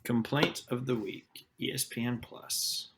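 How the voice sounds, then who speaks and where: A man's voice: mid-range voice, measured pace, background noise. A young man co-hosting a casual podcast, teasing and blunt. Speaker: podcast co-host.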